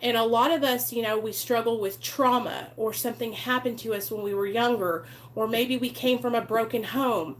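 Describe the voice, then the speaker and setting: A woman's voice: on the high side, steady tone, normal speed, few pauses. A woman hosting a live recovery stream, talking earnestly and chattily to her viewers and greeting them by name. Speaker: recovery channel host. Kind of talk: casual live-stream talk.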